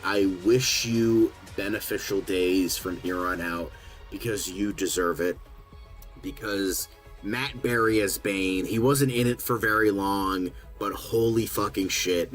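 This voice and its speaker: This young man's voice is low-pitched with a fairly bright tone, and the audio is poor. As a podcast co-host, he chats casually, wandering off track with many fillers and restarts.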